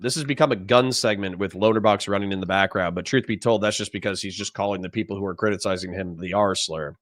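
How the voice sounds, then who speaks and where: A man's voice: lowish voice, fast, few pauses, a bit bright, dry recording. A man hosting a live stream, giving political commentary in a sarcastic, condescending, lecturing way to his chat. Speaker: streamer host.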